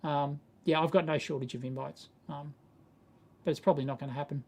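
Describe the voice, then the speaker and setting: Australian male host, relaxed live Q&A, chuckly, rambling, unpolished. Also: a little high, brisk, gravelly. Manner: rambling, chuckling, self-correcting. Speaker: live stream host answering viewer questions. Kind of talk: casual live Q&A chat.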